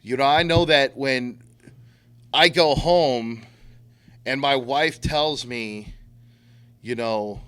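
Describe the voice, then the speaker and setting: A man's voice: medium pitch, slow pace, pauses often, a bit bright, clear, resonant tone. A middle-aged man giving a blunt, profane talk to a recovery group, using street slang and acting out quotes. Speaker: recovery speaker.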